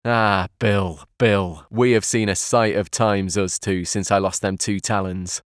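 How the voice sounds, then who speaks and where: A fawning, sneering old pirate, as a man puts him on, who wheedles and coaxes in a sly, low voice. He talks like an old seadog from a storybook, half friendly and half threatening. The sound is dry and close. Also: steady tone, measured pace, no echo, natural voice.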